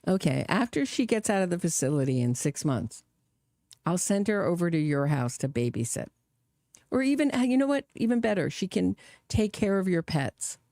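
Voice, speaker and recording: A sarcastic woman hosting a true crime stream, talking with open scorn. Her voice is gravelly and dark, and she sits close to the mic in a dry, dead room. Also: fairly low pitch, very animated, moderate pace, dry recording. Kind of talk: live reaction commentary.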